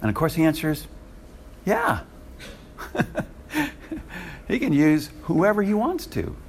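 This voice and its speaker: A man preaching a sermon in an animated way, with frequent chuckling asides. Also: a little high, slow, slight background noise.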